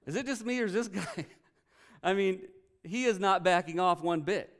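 A male pastor preaching a sermon, telling a story earnestly and with feeling, often pausing to react. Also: high-pitched. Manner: earnest storytelling, emotional, retells quotes with energy.

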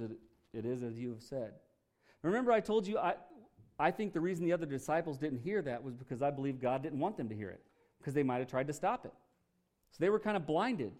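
A male pastor delivers a sermon with a voice pitched a little above the usual for a man. He preaches emphatically and in a folksy way, leaning on rhetorical questions to rouse his listeners. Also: mellow.

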